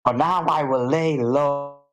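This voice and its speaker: A man voicing a male character who reads a secret note aloud in halting, clipped phrases. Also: fairly high pitch, steady tone, soft background music, voice pushed up. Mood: secretive.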